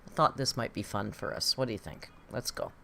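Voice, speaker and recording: A woman's voice: rumbling low, expressive, fairly quick, creaky, very noisy. A woman hosting a casual live-stream reaction, chatty and exclamatory with some swearing. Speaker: livestream reaction host.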